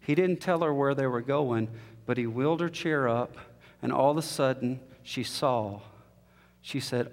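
A male preacher telling a story in a sermon, rising to impassioned peaks and then dropping to a soft hush. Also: medium pitch, measured pace. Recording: long hall reverb.

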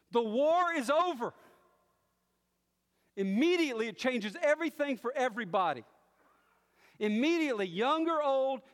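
A man preaching a sermon, moving from quiet musing to loud declaring. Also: extremely high pitch, long reverb tail. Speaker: pastor.

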